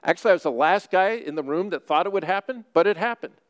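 A man's voice: sits high, lively intonation, fast talker, pitched above the performer's own voice. A man voicing the apostle Peter as a remorseful fisherman, telling his story in earnest first person.

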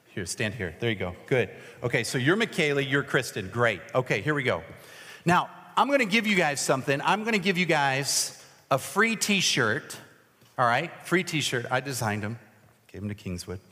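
A man's voice: mid-range voice, sing-song, normal speed, bright, forceful tone. A man preaching as a pastor, casual and self-deprecating, joking with volunteers during an object lesson, his voice a little cracked. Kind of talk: sermon with a live object lesson. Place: large hall with an audience. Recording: long hall reverb.

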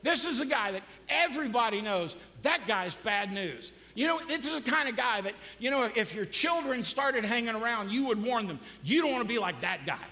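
Bright high-voiced joking preacher man. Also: lively intonation, normal speed, few pauses. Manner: casual, joking, asks the congregation questions. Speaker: pastor. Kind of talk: sermon. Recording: long reverb of a large hall.

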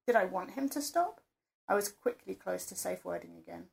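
A woman's voice: medium pitch, expressive, normal speed, vocal fry, darkish tone. A woman narrating an erotic first-person story in an intimate, confessional reading voice.

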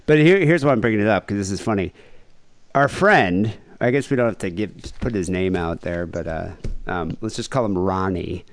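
A man hosting a podcast, chatting casually and telling gossip in an animated way. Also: on the low side, moderate pace, no room sound. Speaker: podcast host.

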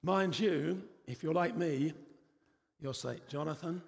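A man's voice: on the high side, slow pace, vocal fry, in a large hall. A man preaching a sermon in a church, emphatic and repetitive, with frequent rhetorical questions.

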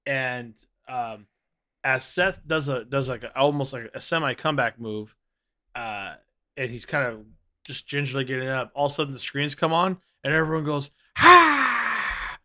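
A podcast co-host with a medium-pitched voice speaks at a moderate pace. He tells stories in animated, casual chat and laughs often.

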